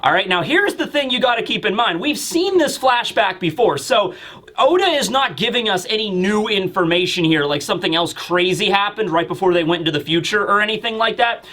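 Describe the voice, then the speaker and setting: A man hosting a casual manga chapter review, excitable and acting out scenes in voices. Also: high voice, fairly quick. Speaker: host.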